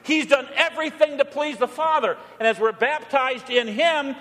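A man preaching from the pulpit in a high, bright voice that rings down a long church reverb. He speaks as a jovial, teasing pastor and leans on rhythm and emphasis. The sanctuary sound lingers behind each phrase. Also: normal speed. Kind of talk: sermon.

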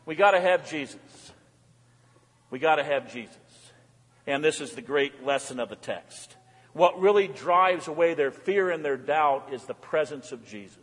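High-voiced animated male pastor preaching. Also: moderate pace, husky. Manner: animated preaching, swinging between hushed and loud. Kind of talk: sermon. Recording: long hall reverb.

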